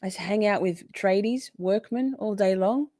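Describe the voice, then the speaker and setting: A woman's voice: medium pitch, moderate pace, mellow, no echo, clean studio sound. An Australian woman hosting a livestream, chatting casually and reading viewer comments aloud with frequent laughs. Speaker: livestream host.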